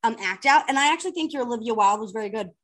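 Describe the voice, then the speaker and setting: A woman's voice: a little high, animated, rapid-fire. A woman co-hosting a podcast, chatting casually with plenty of "like" fillers. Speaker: podcast co-host. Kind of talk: casual chat.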